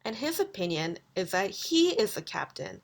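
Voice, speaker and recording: A woman lecturer giving a recorded video lesson, explaining grammar slowly and deliberately. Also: medium pitch, sing-song, vocal fry. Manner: slow, deliberate explanations with quoted examples. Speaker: university lecturer.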